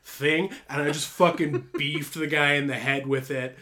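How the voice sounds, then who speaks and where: A man's voice: a little high, fairly even intonation, unhurried, bright, forceful tone. A young man co-hosting a podcast, telling a story in a rambling, casual way with swearing and laughter. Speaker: podcast co-host.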